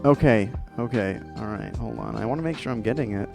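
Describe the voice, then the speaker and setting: A man's voice: on the low side, a little fast, creaky, over music. A man hosting a livestream, chatting casually and riffing playfully while he draws. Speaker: streamer host.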